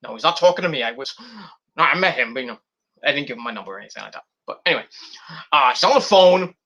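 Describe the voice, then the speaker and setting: A man rattles off a rapid-fire, casual vlog recap of a wrestling show in a medium-pitched voice, swearing freely and acting out people's words with gusto.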